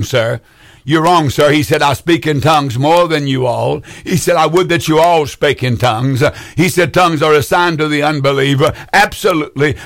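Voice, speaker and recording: A man's voice: fairly high pitch, a bit bright. A man in his seventies hosting a call-in program as a preacher, fervent and repeating phrases for emphasis. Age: 70s.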